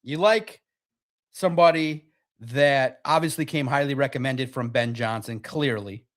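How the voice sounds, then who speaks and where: A man hosting a sports reaction livestream, animated and quick to act out quotes and laugh. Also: mid-range voice. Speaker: sports talk show host.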